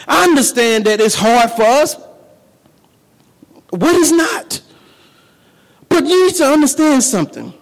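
A man preaching a sermon, turning his talk to the congregation and building up to shouting. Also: very high voice, sing-song, unhurried, long pauses, in a large hall, rough recording.

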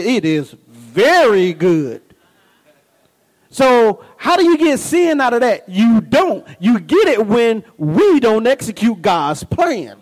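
A middle-aged male pastor with a high voice, preaching a sermon. He moves from folksy storytelling and call-and-response asides into animated, emphatic bursts that climb in pitch. His delivery is lively and personal, like he is talking straight to the congregation. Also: poor audio.

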